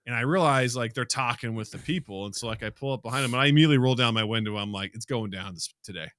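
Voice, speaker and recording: A man co-hosting a podcast, telling stories in a dry, deadpan way with plenty of swearing. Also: medium pitch, racing, clean tone. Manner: dry, deadpan storyteller with lots of profanity. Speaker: podcast co-host. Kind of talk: casual chat.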